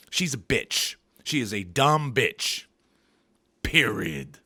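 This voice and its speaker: A man's voice: medium pitch, wildly swooping pitch, normal speed, bright, forceful tone. A man doing an angry, profane, sarcastic comedy rant as a vlogger.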